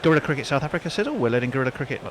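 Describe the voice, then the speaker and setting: A man's voice: medium pitch, very fast, heavy background noise. A man bantering on cricket radio and reading listener messages aloud in a playful, chuckling way. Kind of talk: casual commentary-box banter, reading tweets.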